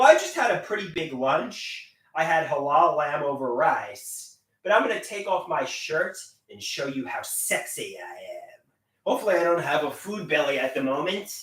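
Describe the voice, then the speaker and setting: A man chatting on a live stream in a goofy, self-mocking way, breaking into shouted silly songs. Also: fairly high pitch, far from the mic. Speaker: livestreamer. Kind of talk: rambling live stream chat with silly singing. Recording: echoey room, voice set back from the mic.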